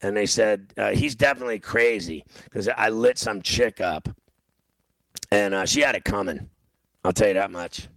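A man with a gravelly, bright-edged voice hosts a sports radio show. He rambles through a story in casual banter, laughing as he goes. The studio sound is dry and close. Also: lowish voice, unhurried, pauses often, no room sound.

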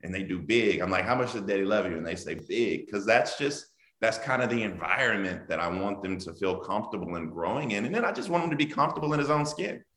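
Deep-voiced man in an echoey room. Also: fast, hardly any pauses. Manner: animated, laughing, emphatic. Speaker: guest author. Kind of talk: casual interview over video call. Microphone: video call. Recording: echoey room on a video call.

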